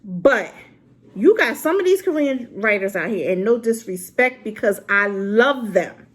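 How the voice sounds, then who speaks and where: A woman's voice: medium pitch, expressive, a little slow. A woman reviewing a drama to camera in an unscripted, rambling rant, exclaiming and talking straight to her viewers. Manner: unscripted and unedited.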